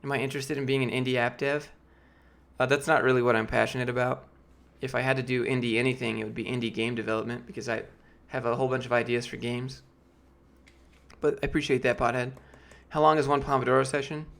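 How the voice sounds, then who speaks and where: Answering questions from his live-stream chat, a man from Georgia, US, in his late twenties rambles casually, filler-heavy and often restarting, as his voice goes. He speaks quickly in a creaky, fairly bright, medium-pitched voice with a level tone.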